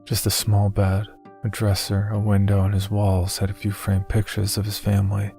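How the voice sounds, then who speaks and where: A man narrating a horror story in a slow, somber, scripted read. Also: lowish voice, gravelly, darkish tone.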